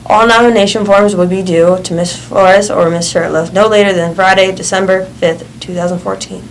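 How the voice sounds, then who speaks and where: A woman reads out school announcements at an even pace, sometimes tripping over a word and correcting herself. Faint noise sits under her voice. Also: medium pitch, moderate pace, rough recording. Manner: steady reading with small slips. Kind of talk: reading morning announcements.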